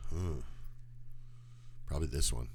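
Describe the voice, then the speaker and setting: A man's voice: very deep voice, a little slow, darkish tone, breathy edge, dry recording. A man co-hosting a podcast in casual chat, talking hesitantly with many fillers and restarts. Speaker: podcast co-host.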